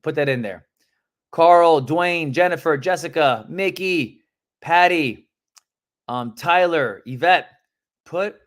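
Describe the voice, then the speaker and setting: With a mid-range voice, a man coaches real estate agents on a live stream, full of animation and emphasis. He plays out phone conversations and shouts out viewers by name.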